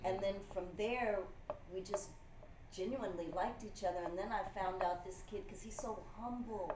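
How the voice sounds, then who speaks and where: A woman in the music industry telling stories in a casual conversation, animated, with lots of "you know". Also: mid-range voice, normal speed. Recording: echoey room with faint noise.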